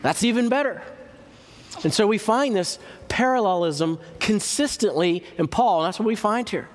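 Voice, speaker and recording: A man preaching a teaching sermon, slow and emphatic, repeating key words with long pauses. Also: high voice. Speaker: church historian and lecturer. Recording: reverberant hall recording.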